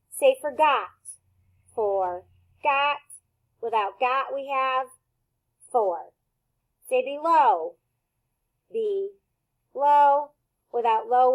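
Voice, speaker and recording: A woman teacher leading a phonics lesson for young children, speaking in slow, clearly enunciated word drills with a cheerful, encouraging tone. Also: high-pitched, low-quality recording.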